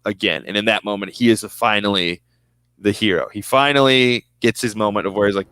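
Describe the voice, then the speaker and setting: Rambling, excited young man. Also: lowish voice, brisk, clean tone, no echo. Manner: rambling, enthusiastic, trips over his words. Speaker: podcast co-host. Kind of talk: casual fan podcast chat.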